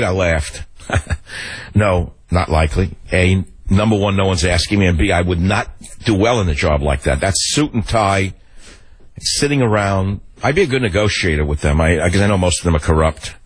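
Older gruff New radio host. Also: male voice, low voice, moderate pace, dry recording, low-quality recording. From the Bronx, New York. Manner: gruff, rambling, animated asides. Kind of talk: rambling radio monologue.

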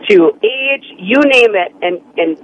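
A woman from Wisconsin calling into a radio talk show, blunt and emphatic, quick to laugh. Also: medium pitch, expressive. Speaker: caller. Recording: muffled phone line.

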